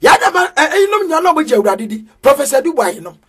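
A man with a Ghanaian accent preaching a sermon in a sing-song cadence with sudden shouts. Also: extremely high pitch, big pitch swings, very fast.

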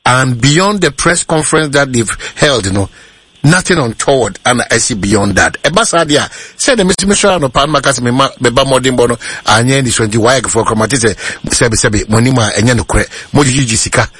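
Husky radio host. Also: male voice, mid-range voice, brisk, fairly bright tone, dry recording. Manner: conversational, loosely phrased, mixing in local-language phrases. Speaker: radio talk show host. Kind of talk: radio discussion.

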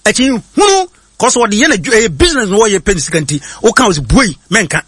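A man with a Ghanaian accent teaching in sermon style, reading quotes slowly and then explaining them in quick bursts with many hesitations. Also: high voice, animated, fairly bright tone, husky, no room sound. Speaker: preacher. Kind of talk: sermon-style teaching, mixing English and Twi.

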